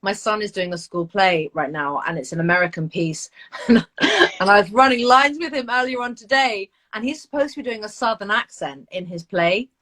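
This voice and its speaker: A woman, an actress, chatting casually on a live video call, animated and laughing as she tells stories about herself. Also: medium pitch, moderate pace. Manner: animated, laughing, self-deprecating storytelling. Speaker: actress guest.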